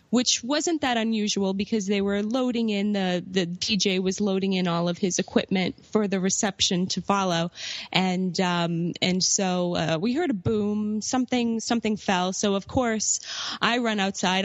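A woman co-hosting a podcast, telling an improvised comic story in a mock-dramatic, halting way. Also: medium pitch, dry recording, lo-fi sound. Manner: mock-dramatic, hesitant with fillers. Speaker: podcast co-host.

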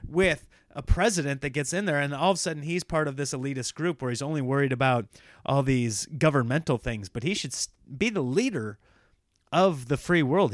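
A sarcastic American man rants in a loose, animated way, laughing at his own points. His voice sits at a middling pitch. The recording is dry and close, with no room sound. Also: dry recording. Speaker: comedian. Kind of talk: casual ranting monologue.

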